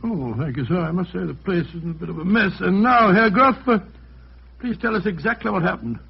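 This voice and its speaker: An actor playing a genial, polite doctor who chuckles easily, in 1940s radio acting. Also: male voice, high-pitched, brisk, gravelly, breathy edge, exaggerated voice. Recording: dull old radio recording.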